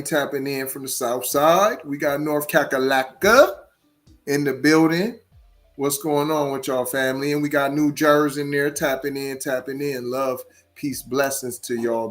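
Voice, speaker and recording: A fairly high-voiced man hosts a live-stream podcast. His pitch leaps wildly as he rants, stuttering and repeating words. He talks slowly, and faint music plays underneath. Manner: animated, repeats words, swings between loud outbursts and low asides. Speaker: podcast host. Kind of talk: live-stream commentary, reading chat.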